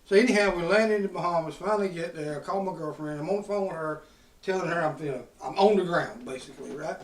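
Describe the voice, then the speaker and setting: A man's voice: fairly high pitch, fast. A man, hosting a podcast and telling a rowdy, profane story in a casual drawl. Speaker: podcast host. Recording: roomy sound from a distant mic.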